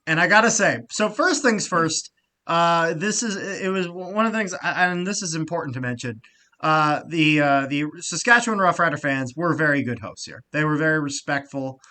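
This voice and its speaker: A man co-hosting a casual sports podcast, talking with lots of fillers, getting loud and excited and swearing freely. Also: on the high side, normal speed. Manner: frequent fillers and restarts. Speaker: podcast co-host.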